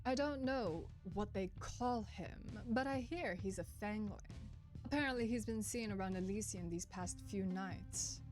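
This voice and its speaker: A woman gives a flirtatious female vampire detective a dry, clipped delivery. Her tone is impatient and her pitch stays in the middle. Game music plays behind her. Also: a little slow, darkish tone, close to an everyday voice. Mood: cool.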